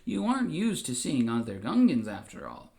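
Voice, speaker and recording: A man voicing a scheming older male politician who hides his villainy behind strained calm. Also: normal speed, gravelly. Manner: low, strained, barely contained anger.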